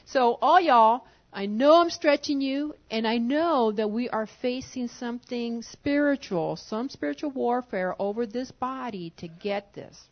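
High-voiced woman coaxing a congregation. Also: unhurried, hardly any pauses. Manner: conversational, coaxing, often chuckling. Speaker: pastor's wife leading a church service. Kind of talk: informal sermon talk to a congregation. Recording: dull lo-fi church recording.

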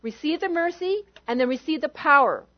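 Woman pastor, high voice, lively sermon delivery, muffled low-fi sound. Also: fairly quick. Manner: animated, acts out quotes with shifting volume.

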